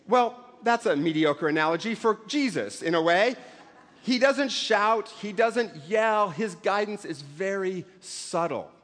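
Middle-aged male pastor, high voice, casual joking sermon, long hall echo. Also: expressive, measured pace, fairly bright tone. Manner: conversational, self-deprecating humor, acts out voices. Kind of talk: sermon with humorous asides.

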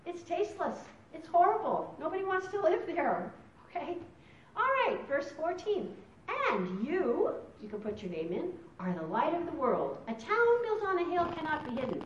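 A high-voiced woman teaches a Bible study, reading scripture aloud with emphatic, animated delivery. Her pitch leaps up and down as she talks. She sounds distant and roomy on a dull recording. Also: a little hiss or hum.

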